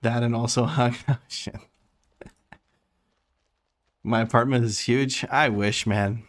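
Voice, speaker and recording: A man's voice: lowish voice, flat delivery, unhurried, long pauses. A young man chatting casually while streaming a game, reading and answering chat with frequent laughter.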